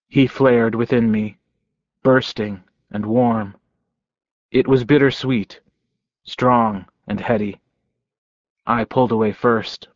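Slow, quiet male audiobook narrator. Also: medium pitch, no echo. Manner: quiet, measured and intimate. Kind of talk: first-person novel narration. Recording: dull, dry lo-fi recording.

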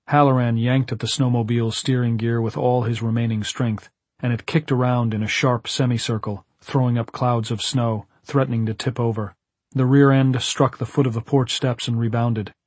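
A male audiobook narrator reads scripted narration in a measured, dramatic way, his medium-pitched voice husky and slightly breathy. The sound is close and dry, with no room sound.

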